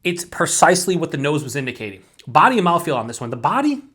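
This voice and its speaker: A man's voice: on the high side, sing-song, fast, pushed and bright, husky. A man casually reviewing a beer on his own channel, rambling with lots of fillers, swearing freely and mocking himself in asides.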